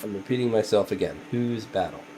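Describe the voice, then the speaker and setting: Low-voiced game master, measured and probing. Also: male voice, background noise. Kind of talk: voicing a negotiating NPC in a tabletop game.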